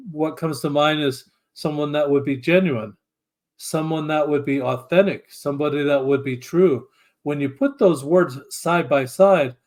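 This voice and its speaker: Guy guesting on a podcast, kinda high voice, sincere and thinking out loud. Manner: earnest and thoughtful, frequent restarts. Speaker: interview guest. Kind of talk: reflective conversation.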